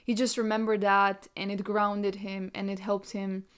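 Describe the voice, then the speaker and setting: A woman's voice: medium pitch, level tone, moderate pace, smooth. A woman hosting a book podcast, chatting emotionally and gushing about a novel. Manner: gushing and emotional, reading quotes aloud. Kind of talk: casual book review chat.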